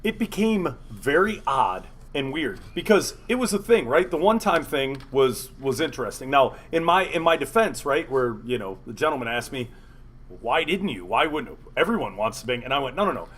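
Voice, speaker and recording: A man's voice: mid-range voice, very animated, normal speed, fairly bright tone, breathy edge. A man in his forties on a podcast, talking bluntly and profanely in a joking way. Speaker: podcast co-host. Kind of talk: crude storytelling chat.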